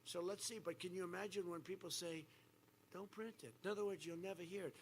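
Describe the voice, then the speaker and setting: A man in his seventies giving a campaign rally speech, boastful and repetitive, swinging from quiet asides to loud attacks. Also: high-pitched, fairly even intonation, fast. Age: 70s. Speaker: rally speaker. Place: outdoor rally stage. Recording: faint background noise at an outdoor rally.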